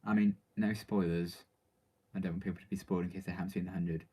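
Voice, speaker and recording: A man's voice: deep voice, flat delivery, fast talker, warm tone, slightly rough. A man reading out viewer questions and answering them in casual, rambling live-stream chat, full of ums and likes.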